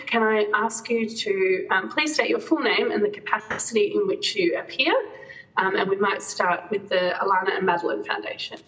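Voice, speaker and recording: A woman's voice: medium pitch, a bit bright, echoey room, poor audio. A woman with an Australian accent chairing a parliamentary committee hearing, reading procedure with some fillers and slips.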